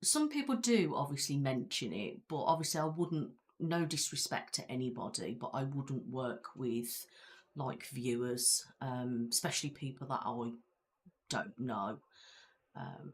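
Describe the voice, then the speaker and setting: A woman's voice: a bass voice, measured pace. A woman with a Belfast accent, chatting casually with viewers as the host of a live stream, rambling with frequent fillers. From Belfast, Northern Ireland. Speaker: ASMR creator hosting a live stream.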